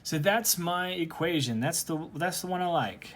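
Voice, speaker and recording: Guy teaching calc at home, talks thru each step out loud, easygoing, normal voice. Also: a little high, moderate pace, a little hiss or hum. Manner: casual, talks through steps aloud. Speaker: math teacher. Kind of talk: recorded calculus lesson.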